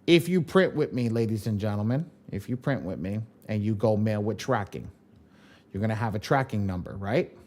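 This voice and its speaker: A man's voice: lowish voice, expressive, normal speed, a little mellow. A man leading a live online training class on credit repair, emphatic, repeating his points and swearing casually.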